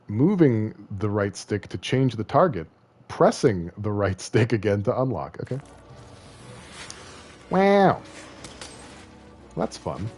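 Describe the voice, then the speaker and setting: A man's voice: fairly low pitch, a little mellow. A man streaming a video game, chatting casually and joking, rambling and slipping into silly voices. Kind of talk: casual gaming livestream commentary.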